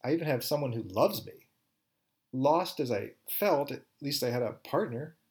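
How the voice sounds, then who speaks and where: A man tells a story in the first person in a wry, candid voice. He talks conversationally at a middle pitch, as if to a friend. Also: lively intonation, moderate pace, a little mellow.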